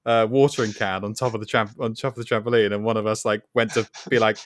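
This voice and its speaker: A man's voice: fairly low pitch, fairly even intonation, quick pace, a little hiss or hum. A young man telling stories animatedly in a casual podcast chat, laughing often. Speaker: podcast co-host.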